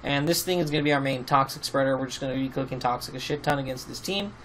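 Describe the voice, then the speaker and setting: A man casually talking through a game team he has built, rambling with many pauses and fillers, and sounding sleepy. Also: medium pitch, fairly bright tone, a little hiss or hum, low-quality recording. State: sleepy, yawning. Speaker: YouTube team-building host. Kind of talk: casual commentary over gameplay.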